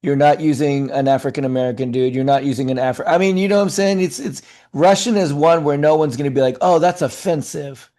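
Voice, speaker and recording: Fast and animated, a middle-aged man who works as an actor and acting coach chats through a casual interview, stumbling into plenty of fillers and restarts. His pitch leans high.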